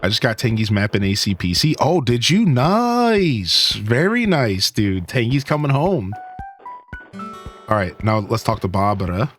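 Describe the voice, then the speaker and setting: A man's voice: fairly low pitch, measured pace, faint music behind. A man streaming a video game, chatting casually and joking with his viewers. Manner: animated, jokey, talks to chat. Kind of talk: casual gaming chat.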